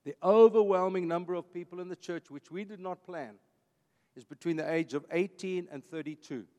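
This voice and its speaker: A pastor in his fifties with an Afrikaans accent, from South Africa, talks emphatically to his congregation, leaning on repeated phrases. His darkish voice sits high and moves at normal speed, echoing through a large hall.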